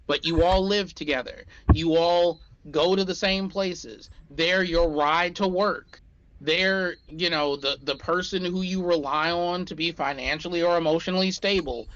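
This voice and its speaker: A man's voice: sits high, a bit bright. A man speaking as a guest in a casual conversation, frank and explanatory, swearing freely. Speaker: podcast guest. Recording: dull lo-fi sound.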